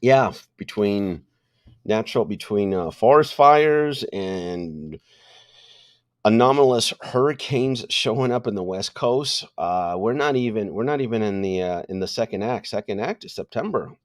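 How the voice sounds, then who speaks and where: Low-voiced man hosting a joking livestream. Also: animated, unhurried, no echo, studio quality. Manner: joking, loose, with laughs and many fillers. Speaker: livestream host greeting viewers. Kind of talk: casual live-stream chat.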